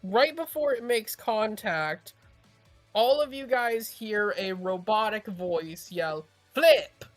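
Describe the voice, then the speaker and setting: Female game master, slow and descriptive narration, faint music underneath. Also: medium pitch, animated.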